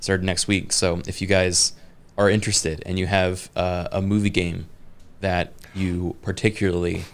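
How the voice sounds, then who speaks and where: A man's voice: sits low, little pitch movement, moderate pace, smooth. A young man chatting in a laid-back, easygoing way as a podcast co-host. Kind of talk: casual chat.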